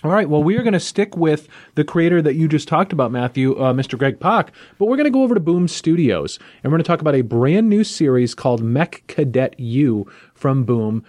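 A man's voice: a little high, fairly quick, few pauses, dry recording. A man hosting a podcast talks easily and casually, scattering fillers as he sets up the next book. The sound is dry and close, with no room around it. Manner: relaxed, chatty, with fillers like "like" and "you know". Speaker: podcast host.

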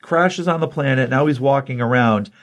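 A man's voice: medium pitch, moderate pace. Man casually retelling a comic plot. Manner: animated storytelling, retelling plot. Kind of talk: casual comic book review chat.

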